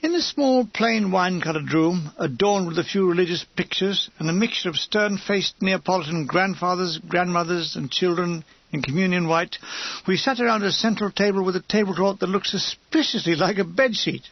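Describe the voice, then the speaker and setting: A male audiobook narrator with a high, gravelly, husky voice reads a comic war memoir full of wry description. He moves at a moderate pace, and the recording is dry and dull with no echo.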